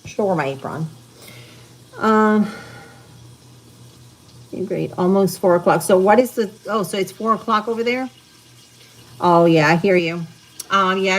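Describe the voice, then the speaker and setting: A woman hosting a casual cooking livestream from her home kitchen, chatting with viewers as she cooks. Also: medium pitch. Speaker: livestream host. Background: frying and sizzling in a kitchen.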